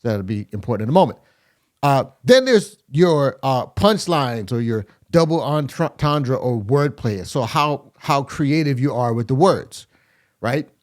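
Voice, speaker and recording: A man's voice: mid-range voice, animated, measured pace. A man hosting a music reaction video, chatting casually as he breaks down rap lyrics and scats rhythms to explain them. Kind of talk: casual rap critique commentary.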